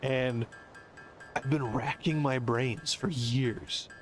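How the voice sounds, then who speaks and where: A man's voice: medium pitch, fairly even intonation, slow pace, music in the background. Rambling American man streaming a game. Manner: musing, talkative, explanatory. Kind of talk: casual rambling commentary.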